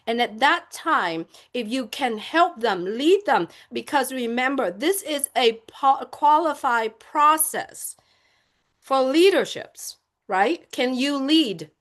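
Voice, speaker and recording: A woman co-presenting casually to viewers, slow and emphatic, repeating key words and posing questions. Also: sits high, fairly bright tone. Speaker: community co-presenter.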